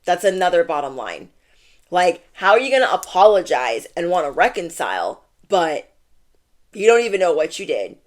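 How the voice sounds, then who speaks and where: Lady doing a tarot reading, lowish voice, casual, keeps saying like, blunt and repetitive. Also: sing-song, moderate pace. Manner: emphatic and repetitive, lots of "like". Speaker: tarot reader. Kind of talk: channeled tarot reading monologue.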